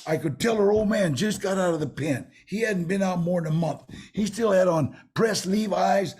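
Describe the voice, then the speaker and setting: A man with a raised, husky voice tells stories to an interviewer. He rambles and restarts, slipping into streetwise slang as he goes. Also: high voice, normal speed. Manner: rambling, animated storyteller with many restarts. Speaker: guest. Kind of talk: casual storytelling in an interview.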